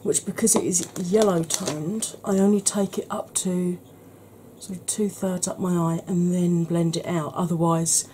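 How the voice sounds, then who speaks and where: A woman with a slightly husky voice, giving a soft-spoken ASMR makeup tutorial in a chatty, explanatory way. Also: on the low side, steady tone, unhurried, a little hiss or hum.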